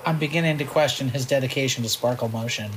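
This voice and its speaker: A man co-hosting a casual movie podcast, quippy and quick to laugh. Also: medium pitch, fairly bright tone, slight background noise, poor audio. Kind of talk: casual movie commentary chat.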